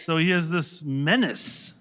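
A man, an actor guest, telling an animated anecdote on a talk show, laughing and swearing now and then. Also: fairly high pitch, a little slow, in a large hall.

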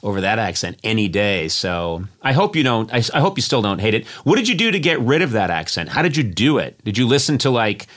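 A man's voice: fairly low pitch, a little fast, hardly any pauses. A man from Massachusetts hosting a talk show, chatting with a caller and joking often. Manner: joking, animated, laughs often. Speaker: radio show host. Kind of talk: casual call-in chat.

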